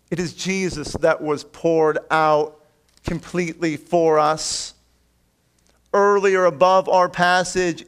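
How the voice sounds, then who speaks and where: A man preaching from the pulpit urges his "friends" with sincere entreaty, trading raised, emphatic phrases for quiet, low side remarks. The tone is clean.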